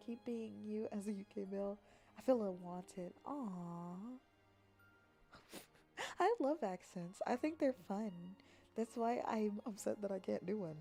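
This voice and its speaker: Gravelly-voiced woman chatting playfully. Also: mid-range voice, dark tone. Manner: playful, rambling, teasing. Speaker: VTuber streamer. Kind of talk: casual stream chat, reading chat. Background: faint background music.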